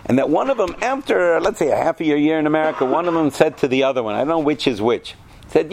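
A man teaching a class of students, animated and talkative, often asking them questions. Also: on the high side, quick pace, vocal fry, slight background noise. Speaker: yeshiva teacher. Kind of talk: lecture to students.

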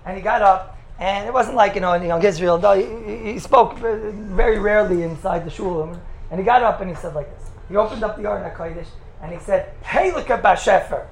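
A man who teaches in a yeshiva, telling stories in a lively talk and acting out the quotes. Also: sits high, fairly quick. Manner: animated, acts out the quotes in his stories. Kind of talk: storytelling talk. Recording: echoey room with faint background noise.

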